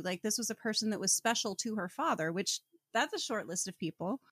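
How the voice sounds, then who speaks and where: A woman's voice: a little high, very animated, fairly quick, breathy edge, no echo. A woman co-hosting a casual book podcast, reading passages from a novel aloud and then tossing in wry, teasing asides. Her voice sits close and dry, with little room sound around it. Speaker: podcast co-host. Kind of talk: casual book-club chat.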